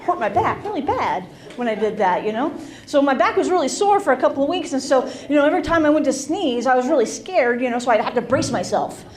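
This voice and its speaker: A woman's voice: sits high, lively intonation, quick pace, a little hiss or hum. Brash middle-aged woman doing stand-up. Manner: brash, self-mocking, laughs often. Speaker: stand-up comedian. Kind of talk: stand-up comedy with crowd work. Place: comedy club stage. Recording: live club with loud crowd. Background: audience laughter and chatter.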